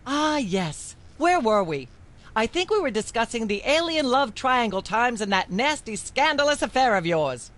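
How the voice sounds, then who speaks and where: A woman's voice: on the high side, very animated, normal speed, a bit bright. A pompous female talk-show host. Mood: condescending. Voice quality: theatrical, preachy, condescending.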